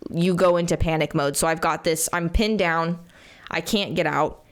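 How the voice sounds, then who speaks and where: Podcast co-host, young adult woman, slightly low voice, animated storyteller who swears freely. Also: moderate pace. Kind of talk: casual storytelling chat.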